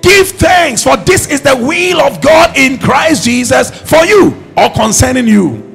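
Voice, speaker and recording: A man preaching a sermon, emphatic and rising to shouts as he calls on the congregation to respond. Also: very high voice, lively intonation, measured pace, vocal fry, faint music behind.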